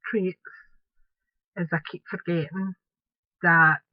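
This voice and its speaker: A woman's voice: lowish voice, flat delivery, slow, no room sound, muffled recording. A woman from Scotland with a Scottish accent, chatting through a crafting tutorial in a rambling way with lots of "um"s and Scottish words.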